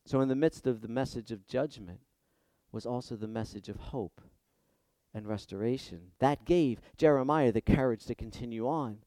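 A man preaching a sermon with passion, dropping to a hush and then rising loud and emphatic, often repeating words as he builds. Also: mid-range voice, normal speed, dry recording. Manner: impassioned, swinging from hushed to loud and emphatic; repeats words when stirred.

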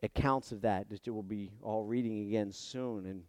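A male pastor preaching a sermon with impassioned delivery, moving between hushed passages and loud emphatic ones. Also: lowish voice, steady tone, moderate pace, dry recording.

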